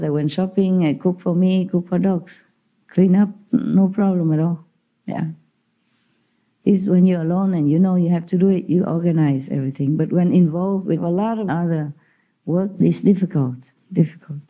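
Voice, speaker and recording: A woman's voice: fairly low pitch, narrow, tinny audio. A woman spiritual teacher giving an informal talk to disciples, telling stories in simple non-native English and laughing often.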